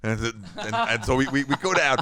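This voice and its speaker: A man's voice: mid-range voice, expressive, normal speed, sharp tone, no room sound. A man in his thirties co-hosting a podcast, telling a casual story in a rambling way with frequent restarts. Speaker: podcast co-host.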